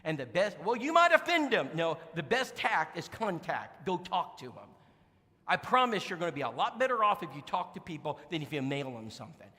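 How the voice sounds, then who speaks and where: A man preaching, telling folksy stories in an animated, emphatic way to a congregation in a church. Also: a little high, a little fast, big-room sound. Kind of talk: sermon storytelling. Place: church sanctuary.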